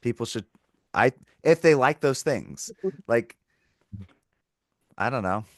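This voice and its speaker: A man co-hosting a casual movie-review chat, teasing his co-host and slipping into quick mocking quotes. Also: mid-range voice, expressive, dry recording, studio quality. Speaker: podcast co-host.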